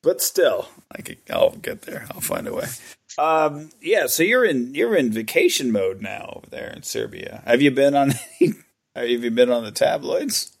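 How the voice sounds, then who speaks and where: An American man in a relaxed podcast chat, his voice carrying a gravelly fry. He jokes around and keeps doubling back with fillers and restarts as he talks. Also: mid-range voice, normal speed. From United States. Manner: loose and joking, with frequent fillers and restarts. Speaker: podcast co-host. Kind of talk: casual chat.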